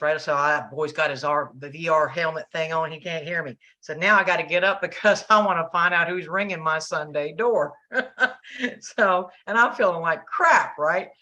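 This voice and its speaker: A woman's voice: on the low side, bright, forceful tone. A middle-aged woman with a Southern US accent, telling a story in casual chat and acting out the dialogue. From American South. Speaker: channel host.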